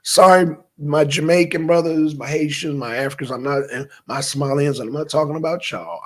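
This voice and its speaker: Husky guy on a live stream, voice jumps all over, shouts a question then mutters. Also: on the high side. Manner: animated, bursts into shouted questions, mutters to himself. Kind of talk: casual live-stream chat with chat readers.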